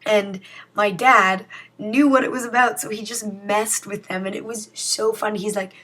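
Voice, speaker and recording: A woman's voice: medium pitch, fairly even intonation, measured pace, a bit bright. A young woman talking casually to her viewers in a rambling, self-mocking vlog. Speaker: vlogger. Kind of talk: casual vlog chat to camera.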